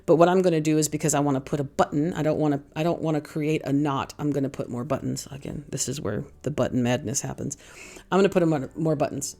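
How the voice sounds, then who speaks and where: A woman's voice: low voice, steady tone, fast talker, creaky, dark tone. A middle-aged woman hosting a craft tutorial, talking through her steps in a chatty, rambling, self-deprecating way. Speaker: craft channel host. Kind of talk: casual craft tutorial voice-over.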